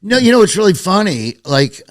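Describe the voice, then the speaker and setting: A man's voice: high voice, very animated, brisk, no room sound, studio quality. A man in his sixties from Nebraska with a Southern accent, telling folksy, rambling stories as an interview guest. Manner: folksy, rambling storyteller, laughs often. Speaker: guest, voice actor. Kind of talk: casual interview chat.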